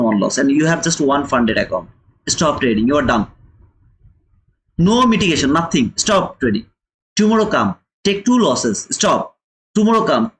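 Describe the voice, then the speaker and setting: A man hosting a live trading lesson, lecturing viewers emphatically and repeating phrases for stress. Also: a little high. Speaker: trading educator and channel host.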